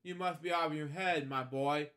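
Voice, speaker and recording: A man's voice: on the high side, steady tone, moderate pace, a bit bright, close to an everyday voice. A man voicing a grumpy, stubborn little male leprechaun while reading a storybook aloud.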